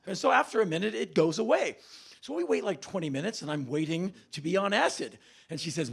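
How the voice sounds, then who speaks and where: A man in his fifties telling a stand-up story on stage, with a deadpan, politely mock-formal delivery. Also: high-pitched, quick pace, creaky, slightly rough. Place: stage before a laughing audience.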